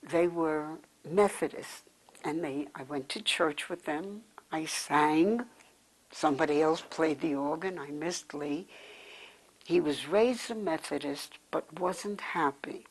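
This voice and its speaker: A woman's voice: low voice, slow pace, breathy edge, rough recording. An older woman from New York City telling her life story in an interview, rambling and backtracking as she remembers. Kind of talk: oral history storytelling.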